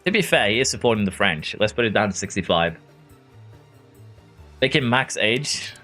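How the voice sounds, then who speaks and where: A Norwegian game streamer casually comments on a racing management game while reading chat, answering viewers by name and chuckling often. His voice is lowish and sharp, very animated at normal speed, with faint music behind.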